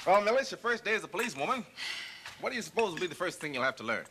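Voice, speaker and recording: A man playing a patient police instructor in a 1970s TV comedy sketch, talking in halting, hesitant bursts and gently coaxing. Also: high-pitched, very animated, slight background noise, full character voice.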